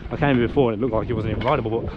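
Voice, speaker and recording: A young man with a British accent, chatting excitedly as he vlogs at outdoor dirt jumps. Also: medium pitch, rapid-fire, lo-fi sound. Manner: excitable, chatty, exclaiming often. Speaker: vlogger. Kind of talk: casual vlog chat. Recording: outdoor noise, nearby traffic.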